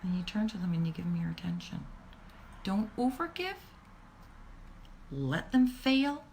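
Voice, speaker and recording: A middle-aged woman hosting a casual motivational talk on parenting, expressive and sometimes dropping to a near-whisper for emphasis. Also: on the low side, unhurried, vocal fry, slight background noise.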